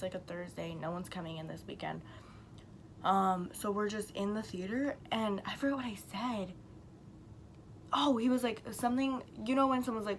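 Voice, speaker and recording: A woman's voice: medium pitch, a little hiss or hum. Rambling young woman telling a story. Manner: rambling, heavy on filler words and swearing; animated, acts out quotes. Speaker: vlogger. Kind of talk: storytime vlog.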